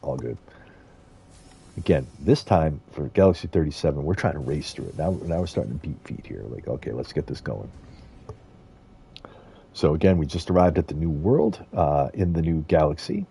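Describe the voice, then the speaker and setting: A man's voice: extremely low pitch, big pitch swings, moderate pace, gravelly, dark tone, husky. A man streaming a video game, chatting casually and rambling with frequent chuckles. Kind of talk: casual gameplay commentary.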